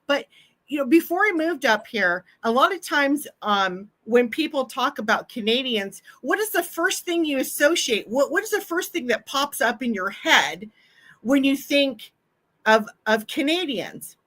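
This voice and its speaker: A woman's voice: sits high, very animated, measured pace, a bit bright. A middle-aged woman with a Pacific Northwest American accent, hosting a livestream in chatty, casual talk and laughing often. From Washington State, USA. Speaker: livestream host. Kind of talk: casual chat.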